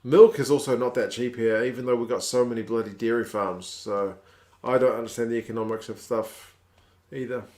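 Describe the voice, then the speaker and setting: A man's voice: mid-range voice, fairly even intonation, a little fast, a little mellow. Laid-back New Zealand man chatting. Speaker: live stream host. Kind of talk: casual chat reading viewer comments.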